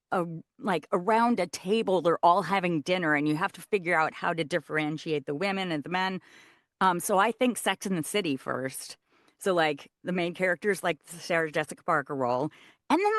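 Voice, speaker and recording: Woman, audiobook narrator, interview guest, animated, lowish voice, dry close sound. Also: no echo. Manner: animated, shows voice placement while explaining. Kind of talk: casual interview talk.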